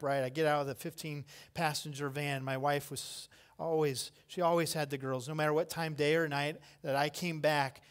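In his sermon, a middle-aged pastor whose voice sits on the high side brings the story to life, animatedly imitating the voices of its characters.

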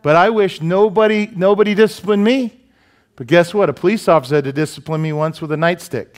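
A man's voice: high-pitched, brisk. A middle-aged man, a pastor, preaching a conversational sermon, telling anecdotes and asking his listeners "Amen?".

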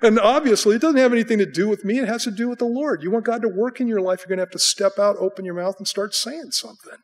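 A middle-aged American man preaching a sermon as pastor, telling stories in an animated way and acting out voices. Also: high-pitched, fast talker. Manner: animated storytelling, acting out voices with bleats and bursts of excitement.

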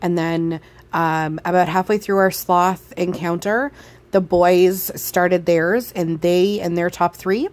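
A woman's voice: on the low side, steady tone, slow, a little mellow. A woman, a mother, narrating a family travel vlog in a chatty, enthusiastic way as she recommends an outing. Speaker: vlogger, mother on a family trip.

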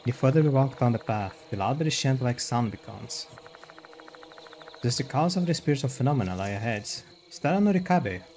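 A man reads a horror game's text aloud as a streamer, keeping an even, middle-pitched voice with no put-on voices for the characters. He stops now and then for short remarks of his own before going back to the text. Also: slight background noise. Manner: reads dialogue and narration plainly, breaking off for quick reactions. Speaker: streamer playing a horror visual novel. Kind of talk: reading game text aloud with commentary.

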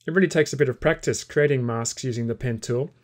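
A man teaching a software tutorial, calmly explaining each step while he clicks through the program. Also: medium pitch, fast. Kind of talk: screen-recorded software tutorial.

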